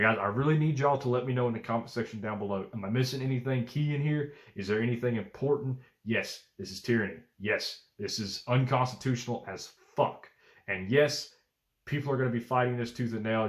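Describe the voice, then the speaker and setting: Blunt man vlogging. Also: on the low side. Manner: blunt, profane, opinionated. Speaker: YouTube channel host. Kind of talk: casual opinion commentary to camera.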